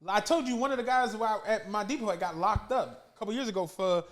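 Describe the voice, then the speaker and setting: A man's voice: high-pitched, quick pace. A man co-hosting a podcast, chatting in a laid-back, profane way and putting on the voices of people in his stories. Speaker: podcast co-host. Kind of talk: casual chat.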